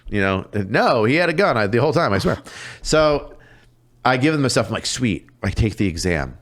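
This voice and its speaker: A man, a police officer guest on a podcast, telling stories casually with lots of swearing and quick impressions of other people. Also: medium pitch. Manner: profane, animated, mimics people in his stories. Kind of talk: casual storytelling.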